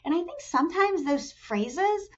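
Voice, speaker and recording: A middle-aged woman in talent development, interviewed conversationally as a podcast guest, speaks at a measured pace while telling stories with animation. She dramatizes quotes through jumps in pitch, with frequent restarts and "you know," and the podcast audio is dull and lo-fi.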